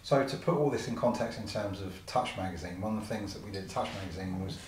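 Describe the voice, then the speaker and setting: A man interviewing a guest in a measured, reflective way. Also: lowish voice, recorded from a distance. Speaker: interviewer, magazine co-founder. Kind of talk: conversational interview. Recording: roomy echo, off-mic, faint noise.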